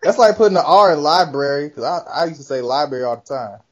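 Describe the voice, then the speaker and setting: A man's voice: a little high, expressive, fast, lo-fi sound. A man from Akron co-hosting a casual podcast, amused and stammering as he tells stories. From Akron, Ohio. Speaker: podcast co-host.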